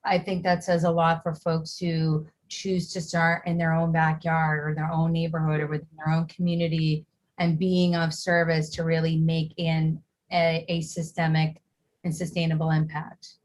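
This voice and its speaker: Woman cohost backing up the guest, earnest, kinda low voice. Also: completely flat delivery, normal speed, a little mellow. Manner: supportive, earnest. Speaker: co-host. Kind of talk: casual podcast chat.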